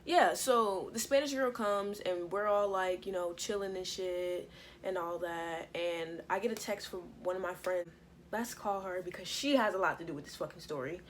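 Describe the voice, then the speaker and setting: A young woman casually telling a personal story to her viewers, profane and lively, acting out what everyone said. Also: on the low side, moderate pace, slight background noise, poor audio. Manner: animated, profane, acts out quotes. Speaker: storytime vlogger.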